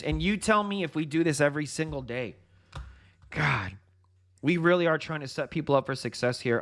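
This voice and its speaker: A man with a slightly high voice hosts a live trading stream and calls the market as it moves. He talks straight to his viewers as "guys" and "folks", hyped and excited, and often breaks into laughter. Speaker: livestream trading host.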